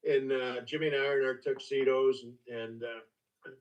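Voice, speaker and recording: An older man with a drawl spins a folksy yarn, stopping and restarting as he goes. His pitch sits in the middle of a man's range. The audio sounds far from the mic and dull, like a lo-fi call. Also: steady tone. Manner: folksy, halting, with many restarts. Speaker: master distiller guest. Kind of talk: casual storytelling.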